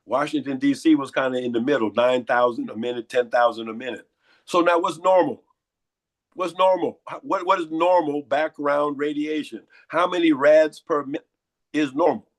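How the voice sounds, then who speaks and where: A hoarse, congested man giving lecturing interview answers and firing off repeated rhetorical questions. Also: a little high, moderate pace. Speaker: guest.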